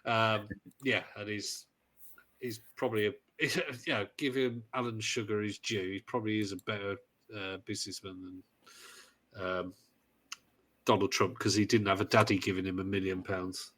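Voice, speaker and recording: Podcast co-host, Midlands man, lowish voice, rambling and chatty. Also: little pitch movement, normal speed, a bit bright. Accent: English Midlands. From English Midlands. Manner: rambling, hesitant, breaks into jokey impressions. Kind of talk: casual chat.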